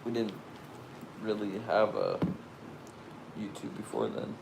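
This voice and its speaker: A man's voice: lowish voice, very animated, takes it slowly, vocal fry, noisy background. A young man co-hosting a casual live stream, speaking in a laid-back, hesitant way.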